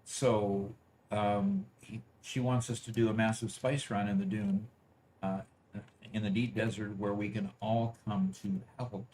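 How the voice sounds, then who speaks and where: A man's voice: fairly low pitch, fairly even intonation, unhurried, warm tone, slight background noise. A man hosting a casual gaming livestream, talking with a hesitant, filler-heavy manner. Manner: hesitant, lots of fillers and restarts. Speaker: host of a gaming channel.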